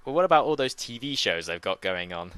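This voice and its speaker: Fast-talking man chatting casually. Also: lowish voice, big pitch swings, fairly bright tone, clean tone, no room sound. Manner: chatty, slips into mocking voices for quotes. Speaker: podcast co-host. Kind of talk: casual chat.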